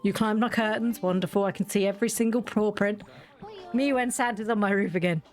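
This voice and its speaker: A woman's voice: medium pitch, brisk, a little mellow, faint music behind. A woman hosting a casual game video, chatty and teasing, scolding the characters she plays with. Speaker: gaming video host. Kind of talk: casual let's-play chat.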